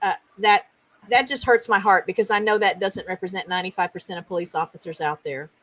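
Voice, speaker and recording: A woman hosting a podcast interview, supportive and quick to agree. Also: medium pitch, steady tone, fairly bright tone, poor audio. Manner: supportive, frequent short agreements. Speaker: podcast host. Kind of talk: casual interview.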